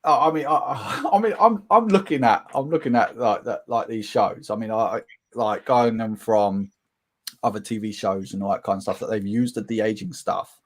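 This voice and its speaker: A British man hosting a casual live-stream chat, animated and often laughing, breaking into quick impressions. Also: on the low side. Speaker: host.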